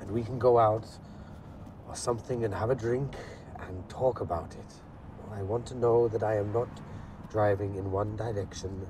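An actor playing a calm, practical working-class man with a Welsh accent, talking on the phone from a moving car. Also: lowish voice, close to an everyday voice. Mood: pleading. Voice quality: measured, steady, controlled. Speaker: driver on the phone. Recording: constant car engine hum.

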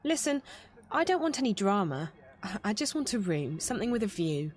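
A woman's voice: medium pitch, big pitch swings, fairly quick, natural voice. A woman playing a cool-headed young heroine. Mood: bluffing. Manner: composed, polite and firm. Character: calm, quick-witted young woman bluffing her way in. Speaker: game protagonist. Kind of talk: video game voice acting.

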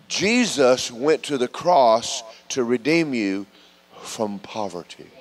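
Preacher swinging loud to soft. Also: male voice, mid-range voice. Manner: lively storytelling preacher, swings from loud calls to soft asides. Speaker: pastor. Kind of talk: sermon. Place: church sanctuary.

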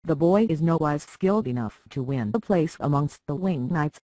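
A reader voicing a calm, calculating middle-aged lord who speaks in measured, persuasive tones, in an audiobook. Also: mid-range voice, no echo, close to an everyday voice, rough recording. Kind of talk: audiobook character reading.

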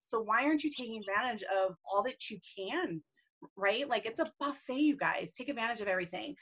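A woman's voice: fairly high pitch, expressive, brisk, a bit bright, breathy edge, dull audio. A woman leading a team video call, enthusiastic, casual and gushing as she encourages her group. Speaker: team leader and mentor.

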